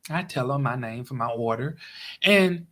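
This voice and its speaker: A man telling a casual, exasperated story to his viewers, with big swings in his voice. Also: normal speed. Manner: animated, exasperated retelling with big pitch swings. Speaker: vlogger.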